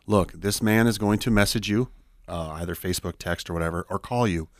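In a radio studio, a deep-voiced man who works in peer support shares his personal story as a talk-show guest. He speaks fast, warmly and casually, and the audio is clean and echo-free.

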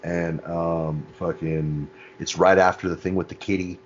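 A man's voice: deep voice, little pitch movement, muffled recording, a little hiss or hum. A man in casual podcast chat who swears, laughs a lot and recounts scenes. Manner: laughing, profane, retells scenes by doing quick voices.

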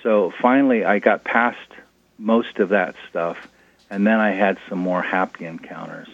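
A man, a guest author, telling personal stories in an interview in a relaxed way with fillers. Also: sits low, a little slow, creaky, no room sound. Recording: tinny phone line.

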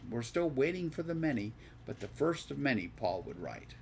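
A man's voice: medium pitch, very animated, moderate pace, creaky, a little hiss or hum. A man leading a conversational Bible study. He reads scripture aloud, then explains it loosely, asks the group questions and often restarts his sentences while thinking aloud.

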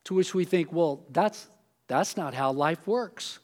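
A middle-aged man preaching a sermon with a fairly high voice. He is animated, acts out imagined voices in his story and swings between loud outbursts and hushed, slow lines. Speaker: pastor.

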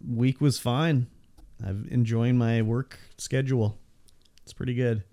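A man's voice: mid-range voice, steady tone, measured pace, mellow. A man co-hosting a podcast, laid-back and swearing casually as he tells stories. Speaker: podcast co-host. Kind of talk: casual chat.

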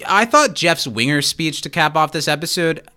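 A man's voice: fairly high pitch, animated, moderate pace, bright, forceful tone. A man co-hosting a podcast, chatting casually and jokingly as he recaps a TV episode. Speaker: podcast co-host.

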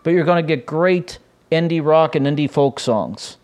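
A man's voice: on the high side, moderate pace, darkish tone. A man hosting a casual solo podcast, rambling and correcting himself with many filler sounds. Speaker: podcast host.

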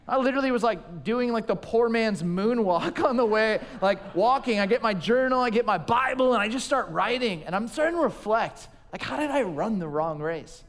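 A man preaching a sermon, telling stories about himself with self-deprecating humor. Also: very high voice. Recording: long reverb of a large hall.

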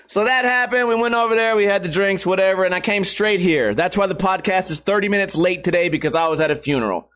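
Man podcast host, high voice, swearing, laughing storyteller. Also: a little fast. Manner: profane, laughing, animated storytelling. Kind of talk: casual storytelling monologue.

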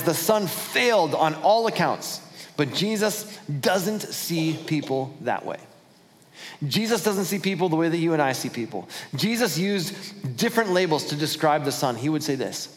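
A man preaching a sermon as pastor, retelling a story and acting out the voices of its characters. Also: on the high side. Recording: church hall with long reverb.

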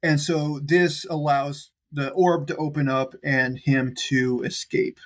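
A man with a slightly raised pitch talks through a film plot in casual conversation. He rambles, circles back on himself and leans on fillers as he goes. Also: fairly even intonation, takes it slowly. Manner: rambling, lots of "like" and "um" fillers, laughs easily. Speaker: podcast co-host recapping a film. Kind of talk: casual chat.

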